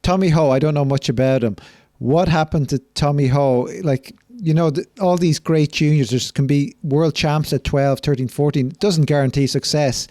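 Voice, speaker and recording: Mellow-voiced male podcast host. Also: fairly high pitch, normal speed. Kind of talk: interview questions.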